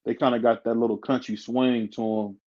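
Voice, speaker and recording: A male host talks easily in casual chat and laughs often. His voice sits in a middle pitch, and it comes through on dull, lo-fi audio with the top end missing. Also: flat delivery, fairly quick, dark tone, husky. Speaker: stream host.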